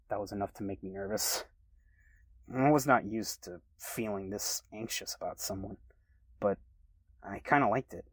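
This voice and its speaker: Low-voiced man reading a story. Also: dry recording, poor audio. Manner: relaxed, conversational reading with small laughs. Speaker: story reader. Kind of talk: first-person story reading.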